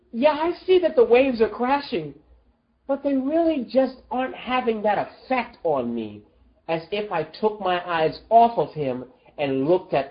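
Slow, pleading preacher with lively pitch. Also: dull audio. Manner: emotional, pleading, full of rhetorical questions. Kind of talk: sermon.

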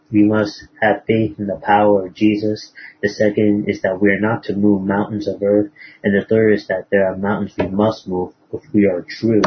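A man preaching, retelling a moral story in a halting way with many fillers and restarts. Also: lowish voice, slight background noise. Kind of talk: sermon storytelling. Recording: dull lo-fi recording.

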